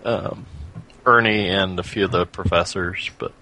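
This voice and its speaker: A man's voice: sits low, fairly even intonation, unhurried, pushed and bright, a little hiss or hum, poor audio. A man playing a tabletop game, casually describing his character in a rambling way. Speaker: player.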